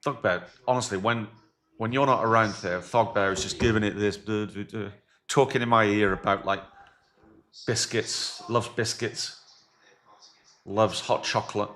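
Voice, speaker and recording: Man, middle-aged, fairly low voice, football reaction co-host, excitable play-by-play, jokey banter. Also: normal speed. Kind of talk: casual live-reaction commentary.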